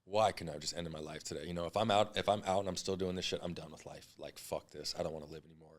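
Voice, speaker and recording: Fast-talking low-voiced man. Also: fairly even intonation. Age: 30s. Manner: blunt, frequent swearing, rapid storytelling. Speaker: podcast guest. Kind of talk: candid storytelling interview.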